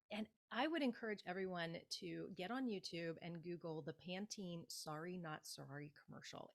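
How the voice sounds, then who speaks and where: A woman speaking as a public speaking coach in an interview, giving emphatic, animated advice and acting out example phrases. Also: fairly low pitch, gravelly.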